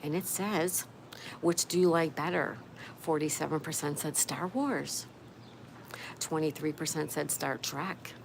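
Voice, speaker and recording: A woman's voice: low voice, a little slow, gravelly, a little hiss or hum, low-quality recording. A woman hosting a casual live stream from her patio, cheerfully greeting viewers and reading their comments aloud. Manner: upbeat, reads out viewer comments. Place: outdoor patio by a canal.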